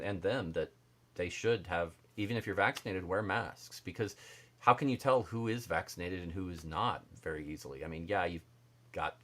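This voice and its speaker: A man's voice: sits low, fairly bright tone. A man hosting a casual livestream, chatting loosely with viewers, reading their comments aloud and talking with many fillers and restarts. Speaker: livestream host.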